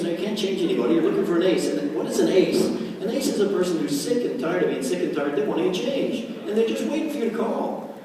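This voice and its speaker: A man giving an energetic motivational talk at a sales meeting, acting out quoted voices and laughing often. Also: high voice, quick pace. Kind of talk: motivational stage talk with anecdotes. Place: large meeting hall. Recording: echoey hall mic from far off, noisy.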